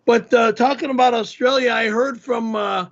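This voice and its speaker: High gravelly man, muffled call audio. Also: fairly even intonation, normal speed. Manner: rambling, self-deprecating. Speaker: host. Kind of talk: casual live-stream chat. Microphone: remote call mic.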